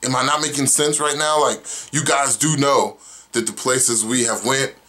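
A man's voice: mid-range voice, normal speed. A young man from Oklahoma hosting his own vlog, ranting casually with lots of swearing and rambling asides. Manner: profane, animated, rambling. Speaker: vlog host. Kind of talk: casual opinion rant.

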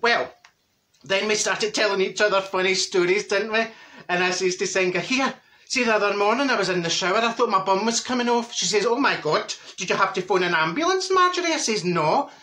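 A man's voice: high-pitched, expressive, a little fast, bright, forceful tone. A man playing a chatty, cheeky older Glasgow woman with a Glaswegian accent, telling gossipy stories in a comic monologue and cackling at her own jokes. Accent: Glaswegian Scottish.

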